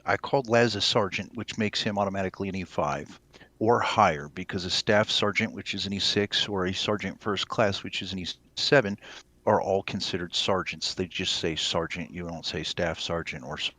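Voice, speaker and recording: A man's voice: sits low, steady tone, moderate pace, pushed and bright, no echo. A man, a player in a tabletop role-playing game, explaining what his character does and how military rank works.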